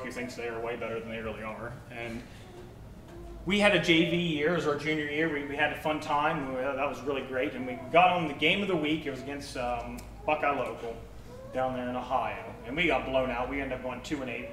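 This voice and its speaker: A young man preaching a sermon with a personal story, animated, acting out quotes and swinging from loud to soft. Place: church. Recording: echoey church hall, mic at a distance, faint rumble.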